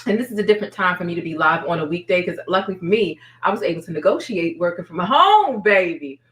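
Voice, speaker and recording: A woman's voice: lowish voice, animated, fast, fairly bright tone, reverberant, distant mic, low-quality recording. A woman hosting a live stream, chatting casually and talking straight to her viewers in a slangy, familiar way.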